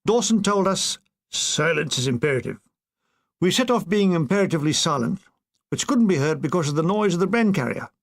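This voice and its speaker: A man reads a comic war memoir with dry, deadpan timing. His voice sits a little high for a man. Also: brisk. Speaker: audiobook reader.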